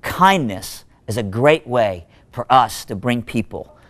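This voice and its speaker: A man, a minister, giving a short devotional talk in an animated, conversational storytelling manner with lively asides. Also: mid-range voice, slow. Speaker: minister and speaker.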